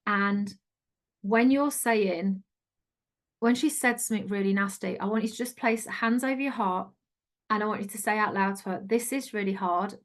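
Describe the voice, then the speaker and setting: Middle-aged woman, life coach, earnest and chatty, mid pitch. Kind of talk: online coaching talk.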